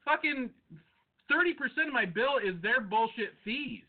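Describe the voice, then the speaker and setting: A man's voice: very high-pitched, animated, moderate pace. A man co-hosting a podcast, ranting and swearing in casual chat. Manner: ranting and profane. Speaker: podcast co-host. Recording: tinny phone-like audio.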